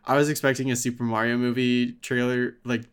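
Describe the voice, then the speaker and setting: A man's voice: mid-range voice, level tone, brisk, clear, resonant tone. A man co-hosting a podcast, chatting casually in a rambling way with lots of fillers and swearing. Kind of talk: casual chat.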